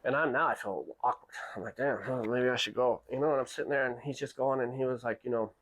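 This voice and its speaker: A man's voice: mid-range voice, quick pace. A man casually telling a long story, acting out the people in it and often restarting his sentences. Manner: animated, acts out quoted people with raised voice; restarts and repeats words often. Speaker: podcast host.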